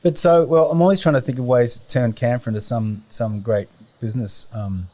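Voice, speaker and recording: A middle-aged Australian man chatting as a podcast guest, rambling and often pausing to search for words. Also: mid-range voice, steady tone, dark tone. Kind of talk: casual conversation.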